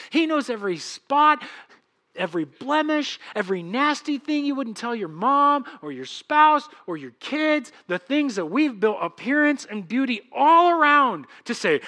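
A man preaching a sermon as pastor, animated, acting out little dialogues and swinging between loud and hushed delivery. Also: very high voice.

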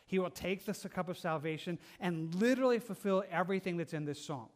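Earnest higher-voiced male preacher. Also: brisk. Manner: earnest, conversational, with frequent restarts and soft laughs. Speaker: pastor. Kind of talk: verse-by-verse sermon.

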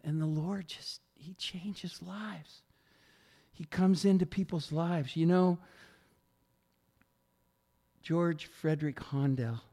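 A man preaching a sermon as pastor, telling stories with animated swings and sudden loud peaks. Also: medium pitch. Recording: long reverb of a large hall.

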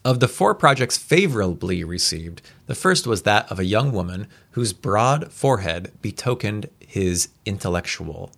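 Low-ish guy reading an old story out loud, chill, trips over words and restarts. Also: normal speed, creaky, hardly any pauses. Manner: relaxed reading with stumbles and asides. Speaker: reader. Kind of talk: casual read-aloud of an old story.

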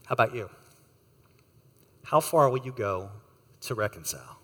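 A man preaching a sermon, telling a story with lively acted-out voices and asking the listeners questions. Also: mid-range voice, moderate pace, in a large hall. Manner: animated storyteller, acts out voices. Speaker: pastor.

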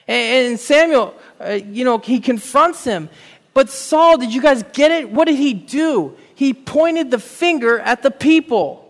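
A man's voice: very high voice, animated, a little slow. A man preaching a sermon, retelling a Bible story in casual speech and acting out the figures' words with animation. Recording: reverberant hall.

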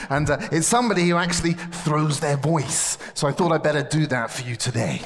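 A jokey male ventriloquist entertains children at a camp and mixes gags with talk of faith and dreams. His voice sits a little high and moves very expressively. A long reverb from the hall trails behind each line. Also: fairly quick, hardly any pauses. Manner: playful, animated, jokey. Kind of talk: lively children's show with preaching.

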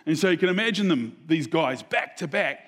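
A man preaching a sermon, telling a Bible story in a relaxed, conversational way and asking the audience questions. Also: fairly high pitch, a little fast. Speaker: pastor.

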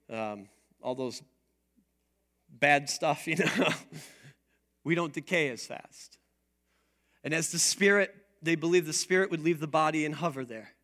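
A man delivers a sermon with lively, playful energy and calls on his listeners to answer back. His voice sits high and bright. He takes his time over each phrase. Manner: animated, playful preaching with call-and-response. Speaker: pastor.

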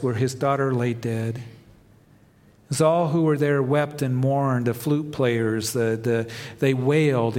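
Male pastor preaching, swells up then drops real soft, long hall echo. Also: mid-range voice. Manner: preaching with rising emphasis and soft dramatic drops. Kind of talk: sermon. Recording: long reverb of a large hall.

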